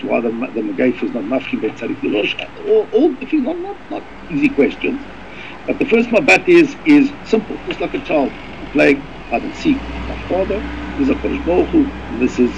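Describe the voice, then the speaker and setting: Male rabbi teaching a class, rapid and gravelly, stumbles and repeats words, dull lo-fi recording with light hiss. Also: medium pitch. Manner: rapid, halting, repeats words, reads Hebrew fast. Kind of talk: Torah lesson with Hebrew reading. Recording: dull lo-fi recording with faint noise.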